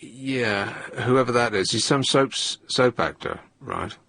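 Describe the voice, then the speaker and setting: A man's voice: medium pitch, slow, vocal fry, bright, forceful tone, husky, no echo. A man hosting a radio phone-in, teasing his callers in a dry, sardonic way. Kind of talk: late-night radio phone-in chat. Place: radio studio. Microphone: studio microphone.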